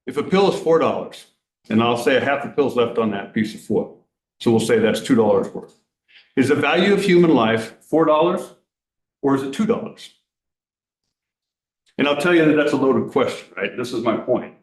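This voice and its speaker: A man's voice: mid-range voice, animated, moderate pace, long pauses, reverberant, poor audio. A man from law enforcement giving an earnest public talk at a council meeting, asking the audience rhetorical questions.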